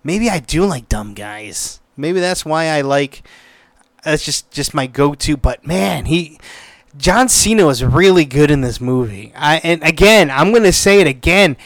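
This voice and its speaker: A man giving a casual spoken movie review, excitable and profane, with lots of restarts. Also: on the high side, unhurried, no echo.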